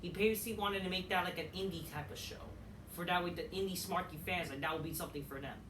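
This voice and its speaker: A woman's voice: fairly low pitch, fast talker, fairly bright tone. A woman ranting at home in casual commentary, rambling, repeating herself, swearing and restarting sentences. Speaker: wrestling commentary vlogger. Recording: roomy echo, distant from mic, faint noise.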